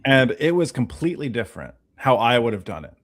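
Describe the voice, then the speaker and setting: A man's voice: medium pitch, fairly quick. A man in casual conversation, telling a story with swearing and quoted dialogue. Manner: animated storyteller, acts out dialogue, swears freely. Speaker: podcast guest.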